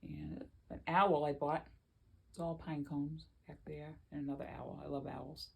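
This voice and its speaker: A woman's voice: deep voice, little pitch movement, unhurried, gravelly, breathy edge. A woman vlogging from her home in a rambling, chatty way, often laughing as she talks. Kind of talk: casual chat to camera.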